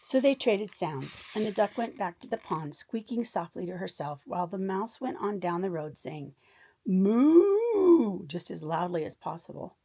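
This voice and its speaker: A woman reading a children's story aloud in a warm, expressive bedtime storytelling manner. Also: fairly low pitch, normal speed, few pauses, husky.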